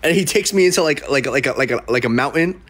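A man's voice: mid-range voice, expressive, fast, fairly bright tone. A young man hosting a casual livestream, telling stories in a rambling way with many fillers and restarts, and acting out the people he quotes. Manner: acts out quoted people in mock voices. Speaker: livestream host.

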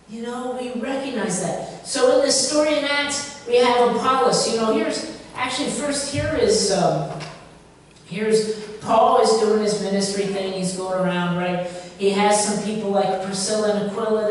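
A woman pastor giving a conversational sermon, lively and full of rhetorical questions. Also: medium pitch, a little hiss or hum. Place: church sanctuary. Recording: echoey church hall from far off.

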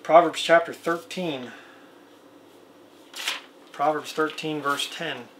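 A man's voice: fairly high pitch, fairly even intonation, slow pace, fairly bright tone, a little hiss or hum. A man preaching a plain-spoken video sermon, reading scripture aloud and asking his listeners rhetorical questions.

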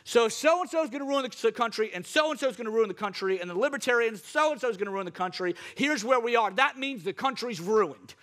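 A man's voice: extremely high pitch, fairly quick, hardly any pauses, fairly bright tone. A male pastor preaching a sermon with impassioned, repetitive exhortations.

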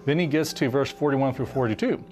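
Male Bible teacher, mid pitch, earnest and emphatic, speeds up and slows down to stress points. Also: darkish tone. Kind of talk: teaching conversation, preaching.

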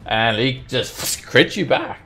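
Animated dungeon master narrating combat. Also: male voice, medium pitch, slow, faint music behind. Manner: descriptive with frequent fillers. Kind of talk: narrating a tabletop game. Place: home setup, playing online.

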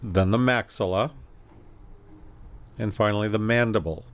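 A man giving a recorded anatomy lecture, calmly explaining and pointing through slides with occasional self-corrections. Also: lowish voice, a little slow. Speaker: anatomy instructor.

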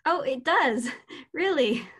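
A woman's voice: high voice, animated, fairly bright tone, heavily acted. A woman playing an impatient young French tutor. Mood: exasperated. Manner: exasperated, quick to snap. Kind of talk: amateur scene reading.

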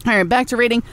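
A high-pitched woman rants on her own podcast, blunt and profane. She throws sarcastic asides to her listeners in the chat room. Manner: talks back to a chat room. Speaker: podcast host. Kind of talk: ranting solo podcast talk.

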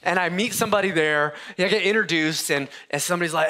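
A man's voice: on the high side, fast, few pauses, pushed and bright. A man preaching a sermon as a pastor, talking in a loose, conversational way that stops and restarts and mixes in humor. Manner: conversational, self-interrupting storytelling with humor. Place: church sanctuary.

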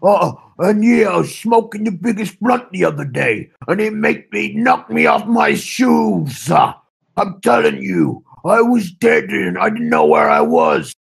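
A man doing an impression of a loud, rough-talking middle-aged male comedian, with a brash, shouting storytelling manner. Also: sits high, big pitch swings, a little slow, voice pushed up, exaggerated voice. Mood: boisterous.

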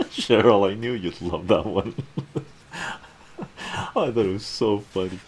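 A man hosting a relaxed ASMR comic reading, laid-back and chuckling often. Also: on the low side, takes it slowly, breathy edge. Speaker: channel host reading comics.

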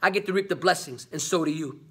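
Vlog host, man, high husky voice, preachy motivational delivery, peppers lines with "man". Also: quick pace, fairly bright tone. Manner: preachy, repeats "man" and "come on"; call-and-response questions. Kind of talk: motivational talk to camera.

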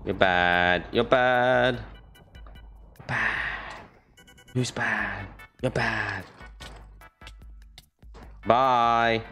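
A young man streaming a video game, chattering on with low-pitched, unhurried commentary. He gets excitable and trash-talks, repeating phrases, while faint music plays behind him.

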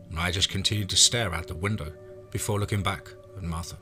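A man with a very deep, forceful and sharp voice reads a first-person horror tale. His delivery is measured and low-key, with faint music underneath. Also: fairly even intonation. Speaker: horror story narrator.

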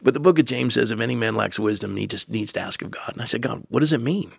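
A pastor, telling a personal story as a podcast guest, earnest with joking asides. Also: male voice, on the low side, fast talker, gravelly, slightly rough, no room sound, studio quality. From United States.

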